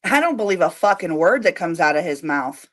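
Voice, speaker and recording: A woman's voice: fairly low pitch, sing-song, brisk, fairly bright tone. Irritated, swearing woman co-host. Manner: irritated, profane, blunt. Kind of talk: casual live-stream chat.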